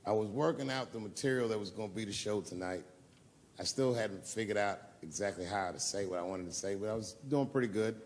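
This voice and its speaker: A man's voice: fairly low pitch, a little hiss or hum. A man doing stand-up on stage, telling long profane stories and answering audience questions in a loose conversational way. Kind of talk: stand-up storytelling and Q&A. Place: live comedy venue on stage.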